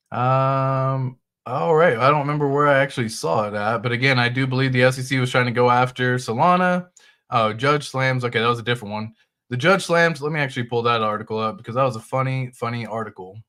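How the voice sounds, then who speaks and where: A man hosts a casual crypto livestream, walking through charts and calling out viewers in the chat. His voice is bright and forceful, and his talk stays loose and conversational. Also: medium pitch, a little fast. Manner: casual, loose, talks straight to viewers and reads chat aloud. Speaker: crypto channel host. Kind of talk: casual livestream market commentary.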